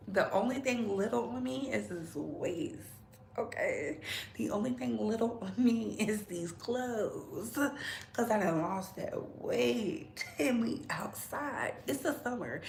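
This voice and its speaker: A woman hosts a relaxed livestream, talking slowly in a low, gravelly voice. She chats straight to her viewers and laughs often. The room is echoey, with a faint hum behind her. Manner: chatty, laughs often, talks straight to the chat. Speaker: livestream host. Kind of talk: casual livestream chat.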